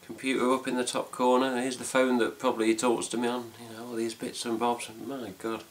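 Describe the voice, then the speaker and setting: A man's voice: mid-range voice, completely flat delivery, fairly quick. A middle-aged man with an English accent, rambling casually to camera at home as host of a fan news video, swearing lightly as he goes. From England. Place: home room with cats.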